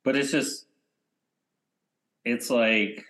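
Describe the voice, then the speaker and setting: A man co-hosting a podcast in casual chat, rambling and often trailing off into quiet mumbles. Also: mid-range voice, steady tone, extremely slow. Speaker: podcast co-host.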